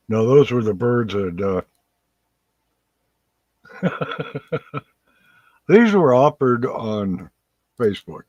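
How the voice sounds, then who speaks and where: A man's voice: medium pitch, lively intonation, drawn-out words, long pauses, a little mellow, no room sound. A man hosting a live call-in chat show, telling folksy stories in a casual way and laughing as he goes. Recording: dull lo-fi sound.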